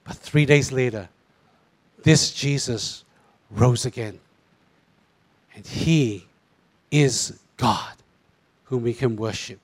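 A middle-aged pastor with a Singaporean English accent, preaching a sermon and acting out quoted voices. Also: male voice, mid-range voice, slow pace, long pauses. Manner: animated, mimics voices in asides.

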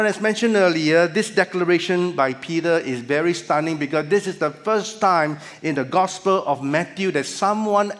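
A man preaching a sermon as pastor, measured with emphatic rises. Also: high-pitched, a bit bright. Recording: church hall reverb.

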